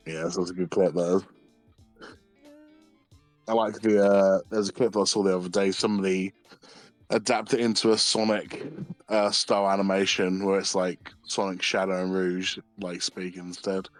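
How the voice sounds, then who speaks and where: A man's voice: low-pitched, little pitch movement, moderate pace, no room sound, soft background music. A young man chatting casually on a stream, telling stories with a lot of swearing and laughter. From United Kingdom. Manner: sweary, giggly storytelling. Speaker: streamer co-host.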